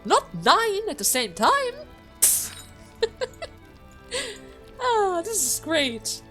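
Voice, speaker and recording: A woman's voice: very high-pitched, big pitch swings, very slow, bright, forceful tone, soft background music. A woman giving casual, giggly commentary while playing a video game and reading item text aloud. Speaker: let's play gamer.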